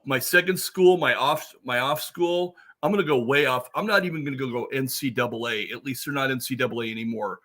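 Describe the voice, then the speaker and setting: A man with a bright, forceful voice talks on a casual podcast. He tells stories with gusto and plenty of restarts. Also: mid-range voice, fairly quick, few pauses. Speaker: podcast host.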